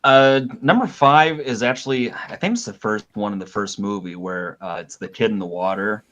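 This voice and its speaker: A man's voice: fairly low pitch, moderate pace, fairly bright tone, muffled recording. Laid-back man in casual chat. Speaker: podcast co-host.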